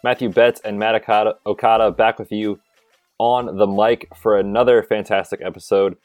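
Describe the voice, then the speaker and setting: A man's voice: lowish voice, little pitch movement, normal speed, a little mellow, no echo, faint music behind. A man co-hosting a fantasy football podcast, chatting casually in an upbeat, conversational way. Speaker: podcast co-host. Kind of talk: casual sports chat.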